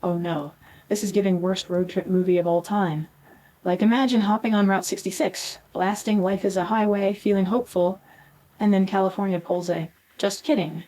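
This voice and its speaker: A woman's voice: medium pitch, fairly even intonation, normal speed, dark tone, poor audio. Sassy woman reacting dramatically. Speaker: co-host. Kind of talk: scripted podcast banter.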